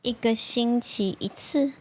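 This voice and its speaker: A woman's voice: a little high, a little slow, husky. A woman co-hosting a podcast in casual chat, asking questions playfully and mixing in English words. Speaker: podcast co-host.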